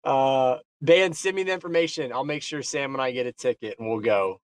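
A man's voice: mid-range voice, brisk, smooth, dry recording. A man speaking casually on an online community call, effusive and often restarting his words. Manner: hesitant, repeats words, effusive. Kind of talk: casual chat.

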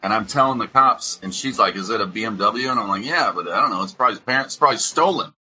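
A man's voice: on the low side, expressive, fast, pushed and bright, husky, highs cut off. A man casually telling a profane story, acting out both sides of an argument in a raised voice.

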